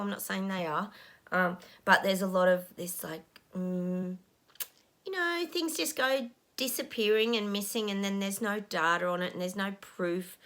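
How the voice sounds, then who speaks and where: A middle-aged woman with a mid-range, slightly bright voice hosts a psychic channel, talking casually to her viewers. She is frustrated and ranting, sometimes dropping to a whisper.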